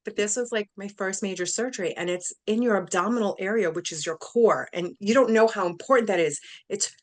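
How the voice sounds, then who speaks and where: A woman's voice: medium pitch, a little fast. A middle-aged woman sharing a personal story as an interview guest, speaking with emotion and acting out the voices of the people in it. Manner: emotional, acts out quoted voices.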